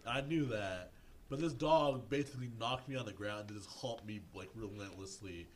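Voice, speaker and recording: Man joking deadpan in casual chat. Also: lowish voice, a little hiss or hum. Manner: deadpan jokes, halting with fillers.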